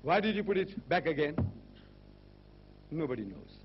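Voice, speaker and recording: A man giving a public religious lecture as a Muslim speaker, rhetorical and animated, firing questions at his audience. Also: fairly high pitch, moderate pace. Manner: rhetorical, animated, with repeated questions and mocking quoted voices. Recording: dull lo-fi recording with faint hum.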